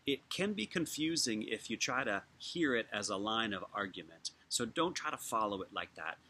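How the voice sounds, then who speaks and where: Soft-spoken pastor with a low, bright voice. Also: male voice, sing-song. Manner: gentle, unhurried, reads scripture slowly and softly. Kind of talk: sermon with scripture reading.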